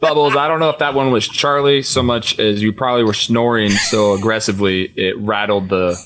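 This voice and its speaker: A lower-voiced man joins a casual podcast chat and teases his friends in a dry way. A faint hiss sits under his voice. He speaks plainly and without hurry. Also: steady tone, brisk. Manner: dry, teasing. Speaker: podcast guest.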